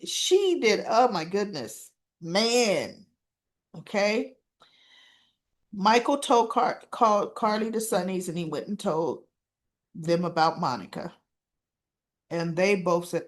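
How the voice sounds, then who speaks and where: A woman's voice: fairly low pitch, lively intonation, takes it slowly. A woman recapping a soap opera episode in a casual, chatty way, acting out the characters' lines and laughing often.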